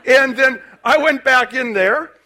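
A male pastor telling a personal story in a sermon, animated, with restarts and acted-out quotes. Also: very high voice, a little slow.

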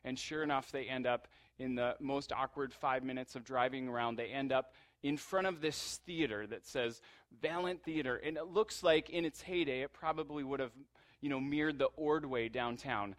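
A man tells a story vividly and slips into the voices of its people as he goes. His voice sits at an everyday middle pitch. The recording is close and dry, with no room echo. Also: normal speed.

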